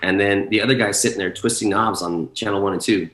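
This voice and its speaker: Bright-voiced man with a low pitch. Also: steady tone, fast talker, reverberant, poor audio. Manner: storytelling with swearing, acts out quoted people. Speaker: guest DJ. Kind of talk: casual podcast chat.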